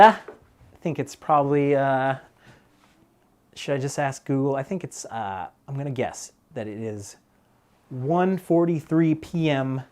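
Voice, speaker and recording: A man's voice: fairly high pitch, unhurried. A man chatting casually on a live stream while he works on a mountain bike, rambling with lots of fillers and laughs.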